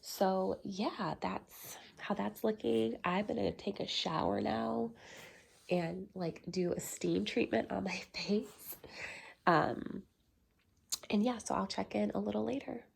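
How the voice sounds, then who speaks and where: A woman's voice: medium pitch, slow, creaky, slight background noise. A young woman chatting casually at home for her vlog, a little congested and nasal, with plenty of fillers. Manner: chatty, filler-heavy, speaks softly at times. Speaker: vlogger. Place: at home, bedroom.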